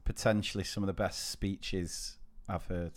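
A man's voice: deep voice, level tone, moderate pace. A man co-hosting a podcast, telling stories in a chatty way and laughing often. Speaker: podcast co-host. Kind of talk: casual chat.

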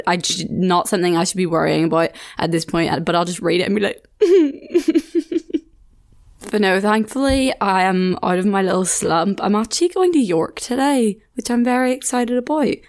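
A young woman with a southern Irish accent, hosting a podcast in casual chat, laughing often and adding quick asides. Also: mid-range voice. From Ireland. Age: 20s. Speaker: podcast host.

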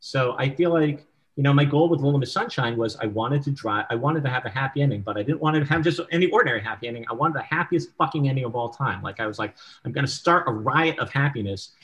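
A screenwriter talking as a guest in a loose interview, easygoing and frank, with casual swearing. His voice sits at an ordinary middle pitch, and he keeps checking in with the listener as he thinks out loud. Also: fast talker, hardly any pauses, highs cut off.

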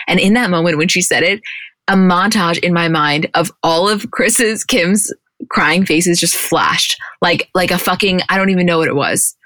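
A woman co-hosting a podcast, recapping episodes in animated, casual storytelling with the odd swear. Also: lowish voice, normal speed, no echo, clean studio sound. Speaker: podcast co-host.

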